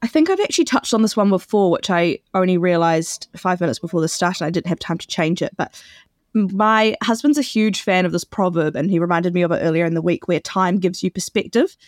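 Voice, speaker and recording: A woman co-hosting a podcast in casual chat, laughing often and turning animated when amused. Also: lowish voice, brisk, no room sound, studio quality. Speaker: podcast co-host.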